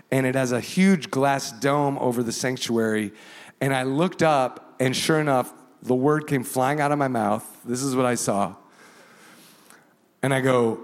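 A male pastor tells a story from the pulpit, lively and animated, slipping into the voices of the people he quotes. His voice sits a little high for a man. The sound carries a long reverb, as in a large church auditorium. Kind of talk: sermon storytelling.

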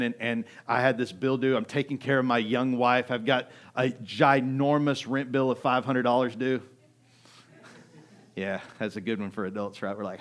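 A middle-aged man preaching a sermon as pastor, talking in a conversational way that swings from loud and urgent to hushed, often checking in with "right?". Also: mid-range voice, moderate pace. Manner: keeps asking "right?" to the audience.

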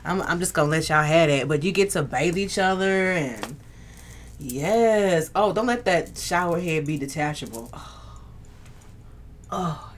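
A woman's voice: sits low, animated, moderate pace, a little hiss or hum. A young woman hosting a casual livestream, bantering with viewers, reading their comments aloud and laughing often. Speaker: livestream host. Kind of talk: casual live chat.

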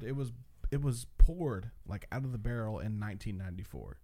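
A man tells a wild night-out story in a low, mellow voice. He swears freely and slips into quick voices for the people he quotes, all loose and casual. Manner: animated, profane, acts out quotes. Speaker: storyteller among friends.

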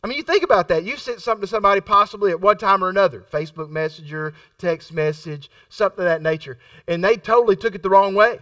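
A man's voice: high voice, fast talker, hardly any pauses, bright, forceful tone, dry recording, recorded from a distance. A middle-aged man preaching a sermon in a conversational style, repeating phrases for emphasis and acting out the voices in his stories. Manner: acts out quoted voices in his storytelling.

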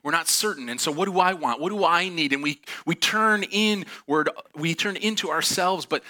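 A man preaching a sermon in church, telling a funny family story, animated and laughing often. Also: on the high side, moderate pace, hardly any pauses. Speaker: pastor. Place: church auditorium.

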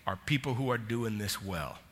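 A man's voice: fairly low pitch, normal speed, fairly bright tone. A male senior pastor preaching a sermon, telling a personal story with feeling and closing in prayer. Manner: emotional storytelling, ends in prayer. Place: church sanctuary. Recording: long church hall reverb.

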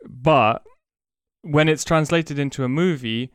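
A man co-hosting a podcast in casual chat, talking slowly and deliberately with many pauses and ums as he explains. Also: on the high side, clear, resonant tone, no echo, studio quality. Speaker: podcast co-host.

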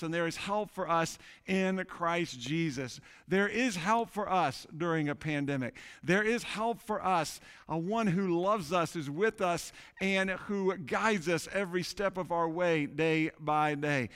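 High-voiced man preaching a sermon. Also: fairly bright tone, clean tone. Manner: emphatic repetition, call-and-response with congregation. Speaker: pastor.

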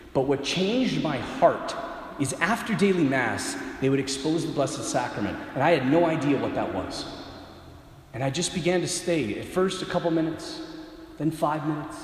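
A man in his forties, a Catholic priest, telling a story in a sermon in an animated, self-deprecating way. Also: medium pitch. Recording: echoey hall reverb.

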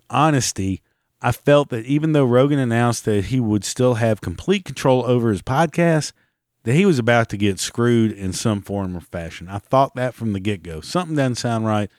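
A man's voice: medium pitch, a little mellow, dry recording, studio quality. A man, hosting a podcast in a sarcastic, profane, mocking rant. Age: 40s. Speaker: podcast host. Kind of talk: casual ranting monologue.

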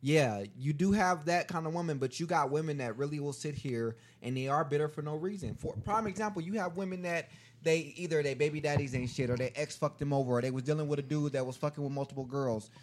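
Fast-talking argumentative man. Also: on the high side. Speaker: podcast co-host. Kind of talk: casual debate chat.

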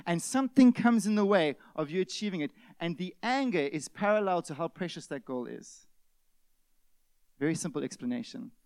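High-voiced pastor preaching with shouted outbursts. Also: male voice, no room sound. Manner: animated, acts out scenes with sudden shouted outbursts. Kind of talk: sermon.

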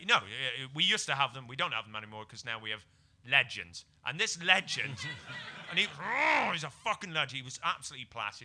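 A British man, a comedian guest, telling a comic story on a podcast, jumping between quiet mutters and excited bursts. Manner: animated, swings from low mutters to excited bursts.

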